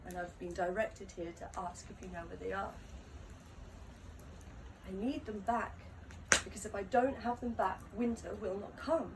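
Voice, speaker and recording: A woman's voice: medium pitch, fairly even intonation, moderate pace, noisy background, lightly acted. A woman voicing a worried, apologetic male sun god who pleads earnestly, in a live recording from a distance.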